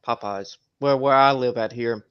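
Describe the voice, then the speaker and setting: A man chats and teases with quick, laughing remarks. His voice sits at an ordinary middle pitch. The sound is dry and dull, like lo-fi video call audio. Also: smooth, no room sound. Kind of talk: casual livestream chat.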